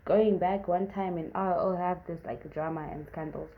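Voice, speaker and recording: A woman's voice: moderate pace, highs cut off. A young woman from Zimbabwe casually telling a storytime tale, acting out the other people's lines with big jumps in her voice. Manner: animated, acts out quotes with big pitch jumps. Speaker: vlogger.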